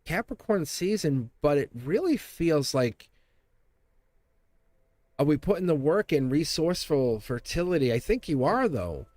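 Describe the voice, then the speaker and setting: A man's voice: a little high, big pitch swings, measured pace, darkish tone, no echo. A middle-aged man with a Boston accent doing a chatty, giggly live tarot reading and talking straight to viewers. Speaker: tarot reader.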